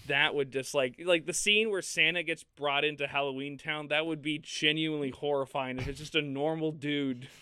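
A man co-hosting a film podcast, talking in a casual, animated way with frequent laughs and restarts. His voice is bright and smooth. The sound is dry and close. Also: on the high side, normal speed, hardly any pauses, no room sound. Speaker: podcast co-host.

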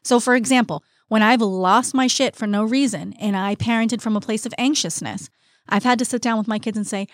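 A woman's voice: fairly high pitch, brisk, no echo, clean studio sound. A woman co-hosting a casual parenting chat, candid and confiding, talking straight to her listeners. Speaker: podcast co-host.

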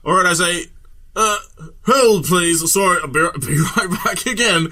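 A man playing a tabletop game, animated and acting out his character's speech. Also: high voice, normal speed. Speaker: player. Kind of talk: tabletop role-play.

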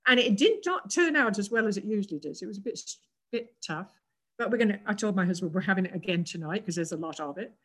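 An older English woman speaking as an interview guest, in a voice of ordinary pitch. She tells her memories gently and reflectively. Her talk is full of small pauses, fillers and restarts. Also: lively intonation, husky. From England. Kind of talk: reflective personal storytelling.

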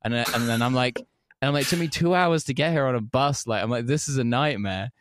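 A man's voice: medium pitch, fast, a little hiss or hum. An English man chatting casually on a podcast, telling profane stories and acting out the quotes. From England. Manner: profane, animated storytelling with voiced quotes.

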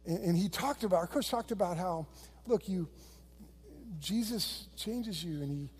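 A man's voice: high voice, lively intonation, unhurried, breathy edge. A middle-aged man preaching a sermon as a pastor, telling stories in a conversational way. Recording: long reverb of a large hall.

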